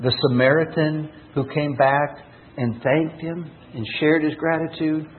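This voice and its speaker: A man's voice: a little high, a little slow, a little hiss or hum. A man, a pastor, preaching a sermon earnestly, reading scripture and telling stories, with a tinny, phone-like sound. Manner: earnest, with lively rising and falling emphasis.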